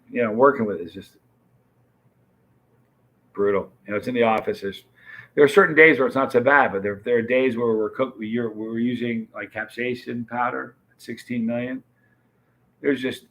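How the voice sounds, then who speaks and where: A man's voice: medium pitch, fairly even intonation, normal speed, a bit bright. A man hosting a live stream, chatting casually and greeting viewers by name as he reads their comments. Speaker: livestream host.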